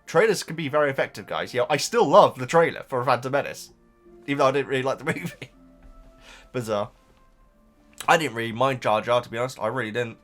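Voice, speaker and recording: A man's voice: mid-range voice, fast, long pauses, a bit bright, faint music behind. A man reading out viewer comments and chatting about them casually, wandering off into tangents and thinking aloud. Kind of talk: casual chat.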